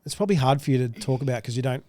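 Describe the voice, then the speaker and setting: Brief: interview host, mid pitch, relaxed and curious, slangy questions, dry close mic. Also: rapid-fire, no room sound. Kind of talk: casual interview chat.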